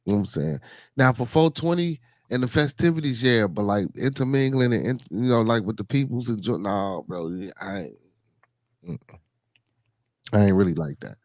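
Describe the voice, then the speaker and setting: A man's voice: lowish voice, normal speed, no room sound. A man hosting a casual livestream podcast, greeting viewers and rambling loosely with repeated phrases. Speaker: podcast host.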